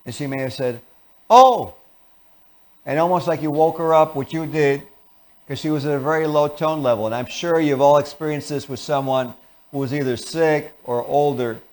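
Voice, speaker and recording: A man's voice: a little high, fairly even intonation, brisk, a little mellow. Man teaching with acted-out examples. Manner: explains with acted-out example dialogues. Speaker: show host. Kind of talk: talk show teaching.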